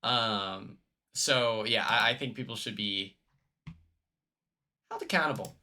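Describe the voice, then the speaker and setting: Bright-voiced man streamer musing aloud. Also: on the low side, slow, a little hiss or hum. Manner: hesitant, repeats words, thinking aloud. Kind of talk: casual reaction stream chat.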